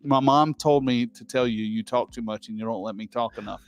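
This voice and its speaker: A man hosting a casual chat, joking around and reading out a listener's question slowly with many pauses. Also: medium pitch, clean tone, no echo, soft background music. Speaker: host.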